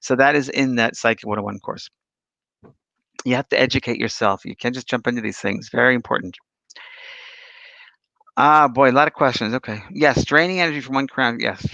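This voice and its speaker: A man's voice: medium pitch, brisk, gravelly, pauses often, bright, forceful tone, no room sound. A man hosting a casual spiritual talk show, rambling through anecdotes and viewer questions. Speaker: spiritual medium and host. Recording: dull lo-fi dry sound.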